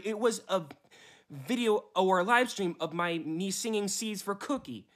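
A man with a slightly higher voice ranting in a whiny, aggrieved tone, repeating himself often. He complains and pleads in fits. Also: animated, normal speed, a bit bright. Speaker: YouTuber being reviewed. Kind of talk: ranting video clips.

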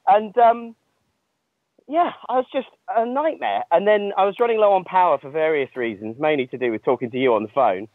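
A man's voice: sits high, expressive, a little fast, no room sound. A man, an ultramarathon runner calling in from the trail, telling his story in a self-mocking, laughing way. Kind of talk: casual phone chat. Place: outdoors on a long-distance trail. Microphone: phone. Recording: dry tinny phone line.

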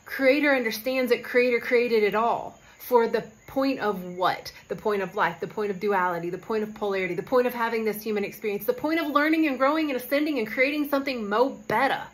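Chatty woman spiritual guide, high voice. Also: fairly quick, hardly any pauses, rough recording. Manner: animated storytelling with fillers and quoted dialogue. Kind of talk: casual spiritual talk.

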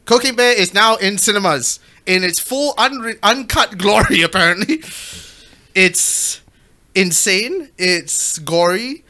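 A podcast co-host in casual chat, telling stories in an animated, excitable way. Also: medium pitch, slow.

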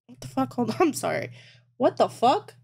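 A woman talks through her crochet project on a live stream. She thinks aloud, swears constantly and teases herself when she gets things wrong. Her voice sits a little high. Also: sing-song, moderate pace, vocal fry, a little mellow, breathy edge. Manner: thinks aloud, swears a lot, self-mocking. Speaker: livestreamer. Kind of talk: casual live-stream chat while crocheting.

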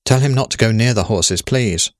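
A man voicing Death as a young woman in a storybook, speaking softly, sweetly and earnestly. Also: on the low side, moderate pace, no echo, studio quality, lightly acted. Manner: soft, earnest, apologetic.

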